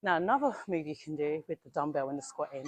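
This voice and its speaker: Deep-voiced and animated, a young woman coaches a gym workout at a quick clip. She talks straight to "you lot" in a casual, no-nonsense way, a bit out of breath from demonstrating.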